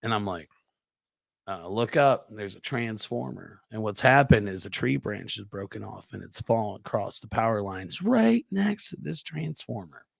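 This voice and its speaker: A young adult man telling a profane, animated story on a podcast, acting out sound effects as he goes. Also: fairly low pitch, moderate pace, creaky, no echo, studio quality. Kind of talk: casual storytelling.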